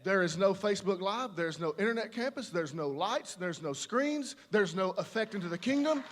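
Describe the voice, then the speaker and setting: A man preaching a sermon, animated and conversational, slipping into quoted voices. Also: high-pitched, normal speed. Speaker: pastor. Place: large church auditorium. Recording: live church hall reverb.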